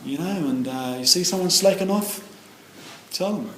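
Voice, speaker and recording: A middle-aged man from New Zealand speaks at an AA meeting in a high-pitched voice at normal speed, giving an earnest, wandering personal share full of "you know." Slight background noise and faint ambience fill the roomy meeting hall.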